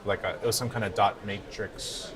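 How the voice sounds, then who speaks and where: A man co-hosting a podcast, chatting over lunch and telling a lively story. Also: on the low side, normal speed. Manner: lively storyteller, acts out voices in his tale. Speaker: podcast co-host. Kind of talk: casual chat over lunch. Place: busy restaurant. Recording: restaurant crowd chatter behind.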